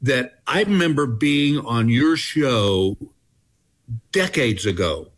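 A man's voice: medium pitch, expressive, slow pace, a bit bright. A man in his sixties from Texas, a comedian telling folksy, self-deprecating stories in a casual interview. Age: 60s. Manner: folksy, self-deprecating, chuckles between lines. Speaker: comedian guest. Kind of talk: casual phone interview storytelling.

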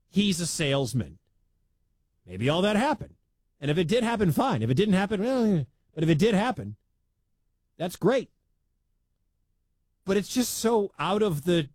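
A man's voice: sits high, breathy edge, dry recording. A male sports radio host talks through the news in a loose, rambling way, his voice rising and falling a lot. The sound is dry and close. He's from the American Midwest and chuckles along as he goes. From Midwestern United States. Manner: animated, rambling, laughs at the story. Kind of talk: casual talk radio commentary.

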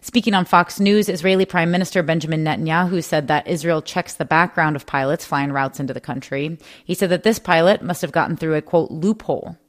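Deep-voiced woman foreign correspondent. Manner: calm, deliberate reporting. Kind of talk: radio news report.

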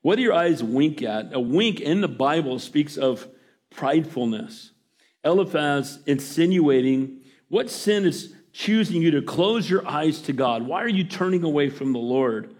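A middle-aged man preaches a sermon with a fairly high voice. He keeps calling for amens and acts out the people he quotes with lively energy. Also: unhurried. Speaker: pastor.

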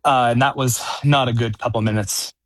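A middle-aged man speaking as a radio interview guest, halting, with many fillers and restarts. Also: medium pitch, steady tone, a bit bright, dry recording. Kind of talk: casual phone-in interview.

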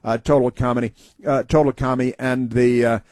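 A man's voice: mid-range voice, fairly even intonation, normal speed, a little mellow, no room sound. A man hosting a casual talk show, rambling through anecdotes and mocking political commentary. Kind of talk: casual talk radio monologue.

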